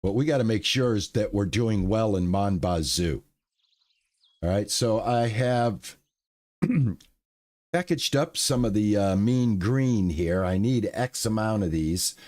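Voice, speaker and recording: A man chatting casually on a live stream, relaxed and thankful, with lots of fillers and restarts. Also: lowish voice, slow, dry recording.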